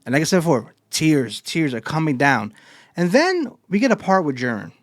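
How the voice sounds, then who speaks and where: A man hosting a casual anime podcast, excitedly retelling a chapter and swearing freely. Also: on the high side, moderate pace, no echo, clean studio sound. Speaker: podcast host.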